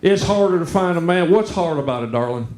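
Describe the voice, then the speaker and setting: A man's voice: fairly high pitch, expressive, a little fast, darkish tone. A man doing a stand-up comedy routine, teasing the audience with a drawl. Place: comedy club stage. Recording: echoey club room. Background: audience laughter.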